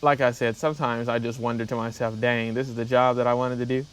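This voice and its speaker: A man hosts a reaction show and talks in a casual way. He recaps events in plain terms and reacts to them with disbelief. His voice sits at an average pitch for a man. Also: level tone, fast, fairly bright tone, clear, resonant tone.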